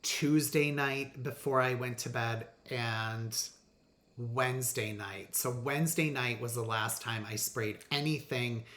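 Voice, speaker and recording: A man casually telling his own story to the camera, earnest and animated, with some fillers. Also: mid-range voice, slow pace, slight background noise. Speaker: vlogger. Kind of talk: casual personal vlog. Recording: roomy echo.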